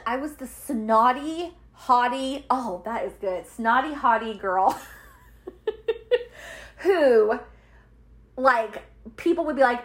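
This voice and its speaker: Thirtysomething lady podcast host, kinda high voice, chatty and emphatic, repeats stuff for effect. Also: measured pace. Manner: emphatic, repeats words, laughs often. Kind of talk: casual devotional chat to women listeners.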